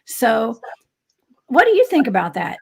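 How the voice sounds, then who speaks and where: High, creaky-voiced woman radio host. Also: huge pitch swings, a little slow, a little mellow. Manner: chatty, reacts with short interjections. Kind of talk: casual talk show interview.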